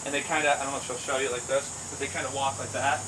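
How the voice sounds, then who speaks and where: A man who works with exotic animals tells casual, animated anecdotes, laughing as he goes and acting out the voices of the people in them. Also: mid-range voice, racing. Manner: animated, laughs while telling, acts out the quoted voices. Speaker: exotic animal handler and business owner. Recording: distant mic with air-conditioning hum.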